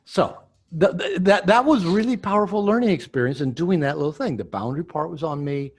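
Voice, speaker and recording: Male author guest, husky, animated delivery; explains and acts out sample lines. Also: a little high, fairly quick. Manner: explanatory, acts out example dialogue. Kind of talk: podcast interview, teaching.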